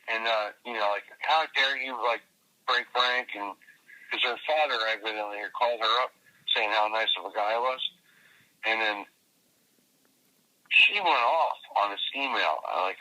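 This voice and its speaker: Guy on a phone call swearing a lot, rambling story, super bright sharp voice. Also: fairly low pitch. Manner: profane, rambling storytelling with many fillers. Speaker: interviewee. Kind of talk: casual phone conversation.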